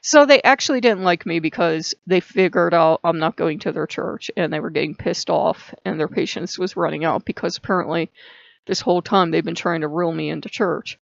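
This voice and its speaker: A woman's voice: lowish voice, a little fast, creaky, no echo. A woman vlogger telling a long story in a chatty, rambling way, full of "like". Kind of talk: casual storytelling to camera. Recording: dull lo-fi dry sound.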